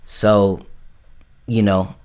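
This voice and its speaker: A man's voice: lowish voice, little pitch movement, drawn-out words, a bit bright, smooth. A young man from Florida telling stories in casual, slangy talk, swearing freely and acting out what others said. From Hollywood, Florida. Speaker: musician and actor. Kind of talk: casual storytelling on a livestream.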